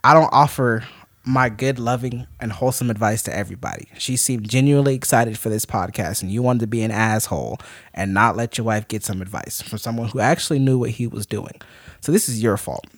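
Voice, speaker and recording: Give me a man on a podcast telling an animated, mock-angry story in a dry, close recording. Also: medium pitch, a little fast, no echo. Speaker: podcast co-host. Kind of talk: casual podcast chat, storytelling.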